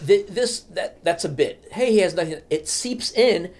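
Animated laughing man telling stories. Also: sits high, moderate pace. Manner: animated storyteller, bursts of laughing shouts. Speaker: guest. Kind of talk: casual chat.

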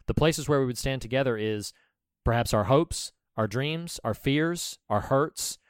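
A man co-hosting a casual film podcast, with a smooth, resonant voice recorded close and dry. He talks in an earnest, sermon-like way and drifts into scripture and encouragement. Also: mid-range voice, unhurried, dry recording. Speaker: podcast co-host.

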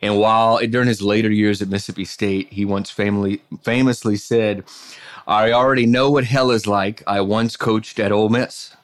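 A man, a sports reporter, telling college football anecdotes in a casual, animated way, with frequent restarts. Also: on the low side, moderate pace. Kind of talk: casual storytelling on a podcast.

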